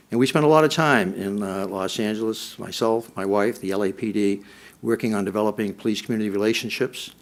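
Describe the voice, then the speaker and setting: A middle-aged man, a former police chief, giving a prepared speech at a policy forum and repeating his points for emphasis. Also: fairly low pitch.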